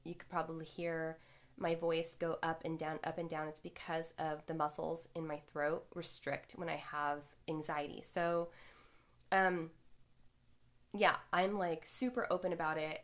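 A young adult woman hosting, telling a personal story in a candid, animated way with casual swearing. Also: low voice, normal speed.

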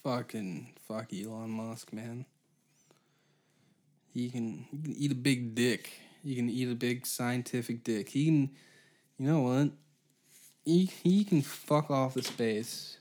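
A man's voice: medium pitch, darkish tone. Profane rambling male podcast host. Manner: rambling, profane, riffing off the cuff. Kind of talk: solo comedy podcast rant.

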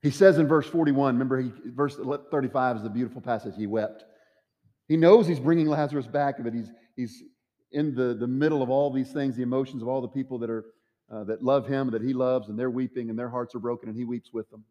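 A man's voice: mid-range voice, a little fast, dull audio. Man preaching in an echoey church. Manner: dramatic preaching that acts out quoted voices. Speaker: pastor. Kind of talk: sermon. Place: church sanctuary.

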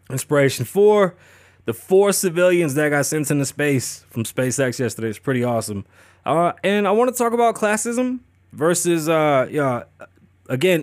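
A male podcast host telling a story in a casual monologue, animated and profane, acting out the dialogue himself. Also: medium pitch, no room sound.

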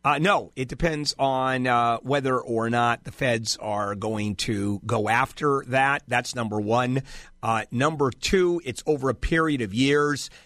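A man's voice: mid-range voice, a little slow, a bit bright, no echo, studio quality. A man hosting a call-in legal advice radio show, blunt and impatient, cutting in on callers.

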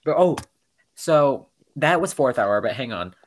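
A man's voice: mid-range voice, measured pace. A young man co-hosting a podcast, telling indignant stories in casual chat and quoting people sarcastically. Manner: animated, indignant, quotes people in sarcastic voices. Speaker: podcast co-host.

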